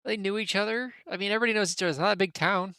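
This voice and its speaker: A man doing Twigs, a squeaky, jittery halfling deputy. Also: fairly even intonation, racing, sharp tone, smooth, dry recording, clean studio sound. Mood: indignant. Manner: defensive, whiny, rising to squeaky panic.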